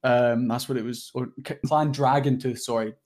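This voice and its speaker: A man's voice: medium pitch, steady tone, moderate pace, darkish tone. A man in his twenties, a guest content creator chatting casually in an interview, rambling and self-deprecating with lots of fillers.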